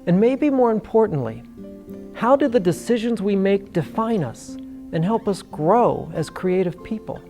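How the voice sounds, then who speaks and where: A man's voice: high-pitched, animated, warm tone, faint music behind. Man narrating a documentary reflectively. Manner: measured, reflective, rhetorical questions. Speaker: documentary filmmaker and interviewer.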